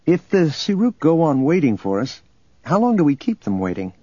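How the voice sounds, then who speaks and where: A man voicing a calm, steady young male Jedi knight, earnest and measured, in a dull lo-fi audiobook recording. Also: fairly high pitch, husky, no room sound, voice pushed up.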